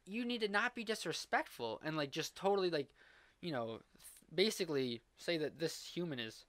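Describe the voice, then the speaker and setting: A man co-hosting a casual chat podcast, telling a story with animated quoted voices. His tone is bright and forward. The recording is dry and close, with no room sound. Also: on the high side, normal speed, dry recording. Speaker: podcast co-host.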